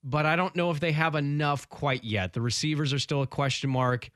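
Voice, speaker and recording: A man co-hosting sports radio, loud and confident as he breaks down the college football season. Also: a little high, steady tone, brisk, dry recording, clean studio sound. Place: radio studio. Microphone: studio mic.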